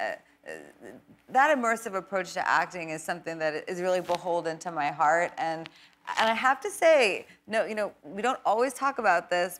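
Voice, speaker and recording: Woman guest, 30s, animated storyteller, laughs often. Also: mid-range voice, slight background noise. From New York. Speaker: talk show guest. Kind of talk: casual chat.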